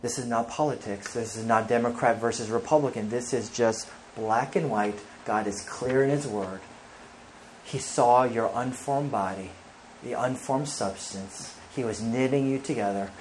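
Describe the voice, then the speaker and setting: A man's voice: mid-range voice, moderate pace, a little hiss or hum. A male pastor preaching an emphatic sermon, reading scripture aloud and speaking directly to the congregation.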